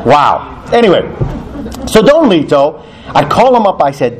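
Casting: priest, man, lively storyteller sermon, fairly high voice, expressive, faint hum in a church. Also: moderate pace. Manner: animated, often laughing mid-sentence, acts out dialogue.

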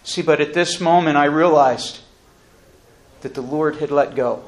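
A man giving an earnest, solemn spoken testimony, speaking deliberately with pauses and restarts. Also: on the high side.

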